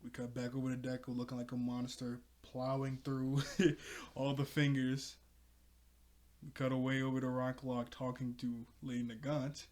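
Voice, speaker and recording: A man's voice: mid-range voice, monotone, normal speed, a little mellow. A man casually recapping and reviewing a comic chapter, rambling, correcting himself, with frequent ums and small laughs. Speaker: manga reaction host.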